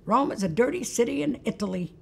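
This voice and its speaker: A woman's voice: fairly high pitch, lively intonation, fast talker, creaky, darkish tone, breathy edge, full character voice. A woman voicing a blunt male airport steward in a spoken story, giving offhand, dismissive replies.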